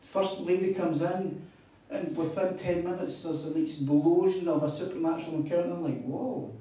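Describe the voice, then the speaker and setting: A man's voice: fairly high pitch, steady tone, moderate pace, dark tone. A man preaching a sermon, telling stories with emphatic repeats. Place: hall at a retreat. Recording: echoey hall, mic far off.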